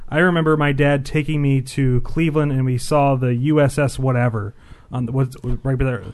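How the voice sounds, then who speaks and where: A man's voice: mid-range voice, fairly even intonation, darkish tone. A man chatting casually about parenting and his memories, rambling and loose. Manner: quick, rambling, casual swearing. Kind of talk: casual chat.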